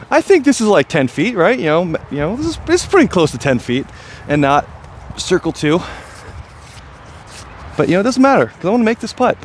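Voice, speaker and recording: A chatty, excitable man with a slightly high voice talks through his disc golf round in casual commentary, poking fun at himself. He is recorded outdoors on the course, with faint traffic and outdoor ambience behind him. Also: normal speed. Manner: chatty, excitable, self-deprecating.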